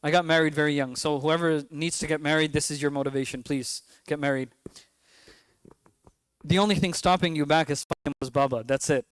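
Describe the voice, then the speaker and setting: Speaking a little fast with fairly even intonation, the man's fairly high voice comes across clear and resonant in a dry recording. He's in his twenties, has a New York accent, and talks casually to parents at a mosque, questioning the crowd and joking at times.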